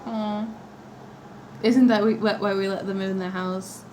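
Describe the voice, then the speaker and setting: A woman's voice: medium pitch, flat delivery, measured pace, a little mellow, slight background noise, poor audio. A woman hosting a craft livestream from her home workspace, chatting playfully and laughing often as she works. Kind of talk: chatty livestream while working.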